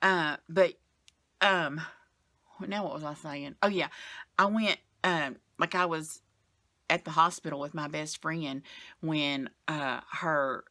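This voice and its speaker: A middle-aged woman talks casually to her camera from the bed, her voice bright and forceful, sitting a little low. She rambles frankly, loses her thread and picks it back up. The sound is close and dry. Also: fairly even intonation, slow pace, no room sound. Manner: rambling, frank, sighs and trails off. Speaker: vlogger. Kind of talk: casual chatty vlog.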